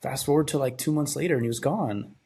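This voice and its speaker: A young man hosting a podcast, telling a personal story in a halting, subdued, grieving way, often trailing off and repeating words. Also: mid-range voice, gravelly, darkish tone, breathy edge. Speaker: podcast host.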